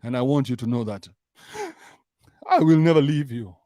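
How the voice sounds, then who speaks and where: A man's voice: mid-range voice, moderate pace, warm tone, no echo, studio quality, close to an everyday voice. A Kenyan man mimicking a smug runaway husband. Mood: pleading.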